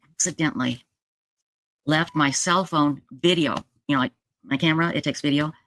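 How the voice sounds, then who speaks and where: A woman telling viewers a true crime story in a casual, animated way, jumping up in pitch for emphasis and checking in with "okay?". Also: moderate pace, no room sound. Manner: addresses viewers directly with frequent "okay?". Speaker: true crime video commentator.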